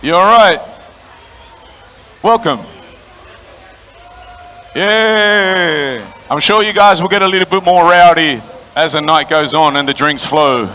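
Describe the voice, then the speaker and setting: Guy ring announcer hyping the crowd at a boxing stadium, high voice, really bright. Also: slow, pauses often. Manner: booming, crowd-working, calls out to the audience.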